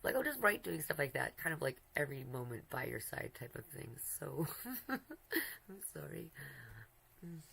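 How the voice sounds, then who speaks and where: A woman's voice: very deep voice, big pitch swings, brisk, gravelly, hardly any pauses, a bit bright, husky, poor audio. A woman streamer chatting casually while she draws, rambling and giggly, affectionate, often breaking off mid-sentence. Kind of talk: casual chat while drawing.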